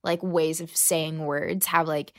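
A woman's voice: low-pitched, steady tone, takes it slowly, fairly bright tone, no echo. Earnest young woman, dry close sound. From United States. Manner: earnest, thoughtful, explaining. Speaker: guest, journalist. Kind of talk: casual interview chat.

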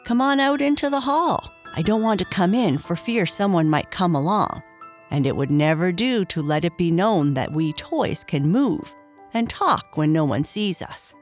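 Woman doing a gentle male toy rocking horse. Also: fairly low pitch, animated, moderate pace, soft background music, pitched above the performer's own voice, close to an everyday voice. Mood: coaxing. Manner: polite, soft-spoken, thoughtful. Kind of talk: storybook reading.

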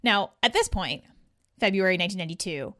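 A woman's voice: mid-range voice, fast talker, dry recording, studio quality. A woman guest-hosting a podcast, telling a story in casual chat, laughing and acting out the voices of the people in it. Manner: lively, laughing, acts out quoted voices. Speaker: guest host.

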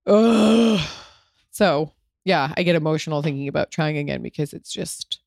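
A woman's voice: sits low, fairly even intonation, fairly quick, gravelly, no room sound, studio quality. A woman in her thirties hosting a solo podcast, talking frankly and emotionally, swearing freely and filling her speech with "like". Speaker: podcast host. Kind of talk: candid solo podcast talk.

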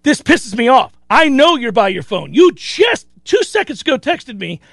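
A man hosting a sports talk show, telling a story in a casual, animated way and acting out other people's lines. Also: very high voice, normal speed, creaky, no room sound, studio quality. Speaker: sports radio host.

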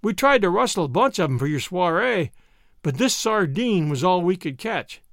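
A man's voice: high-pitched, lively intonation, moderate pace, a bit bright, dry recording, clean studio sound. A man voicing a wordy Western camp man who talks in a florid, mock-formal way. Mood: explaining.

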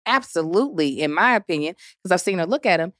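A woman's voice: on the low side, fast, no echo, studio quality. A woman telling stories as a podcast guest in casual chat, acting out quotes and laughing often. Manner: animated storyteller, acts out quotes, laughs often.

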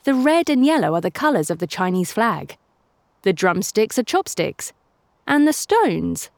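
A woman voicing a kindly father in a kids' storybook podcast, speaking in a measured, slightly proud way. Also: mid-range voice, big pitch swings, vocal fry, no echo, clean studio sound. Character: kindly dad, pleased with himself.

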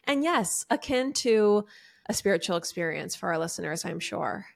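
A woman's voice: mid-range voice, animated, normal speed, creaky. A woman co-hosting a pop culture podcast in casual chat, playful and mock-formal at times. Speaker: podcast co-host.

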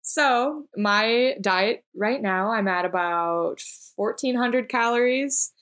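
A woman's voice: on the high side, takes it slowly, fairly bright tone. A young woman from Minneapolis hosting a fitness podcast in casual chat, upbeat and agreeable. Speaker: podcast host and trainer.

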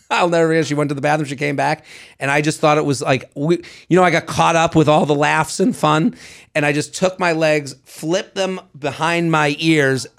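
A man's voice: on the high side, fairly even intonation, moderate pace, creaky. A man co-hosting a podcast in casual chat, reading a listener letter and laughing often. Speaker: podcast co-host.

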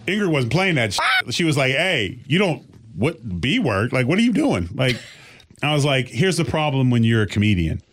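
A middle-aged man co-hosting a talk show, telling a comedic family story in a loose, animated way and laughing as he goes. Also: medium pitch, fairly quick. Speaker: co-host.

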